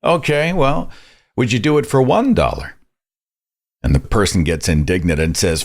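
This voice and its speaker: Low-voiced guy ranting on his podcast, sarcastic, pitch jumping all over. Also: expressive, moderate pace, long pauses. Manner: sarcastic, indignant, mocks others' voices. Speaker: podcast host. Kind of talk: opinionated commentary.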